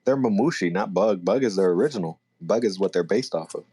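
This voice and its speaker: A man with a very low, deep voice co-hosts a relaxed podcast. He talks in an easy, laid-back way, thinking aloud and correcting himself as he goes. He sounds casual and conversational throughout. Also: brisk, slightly rough. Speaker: podcast co-host. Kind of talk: casual chat reviewing a manga chapter.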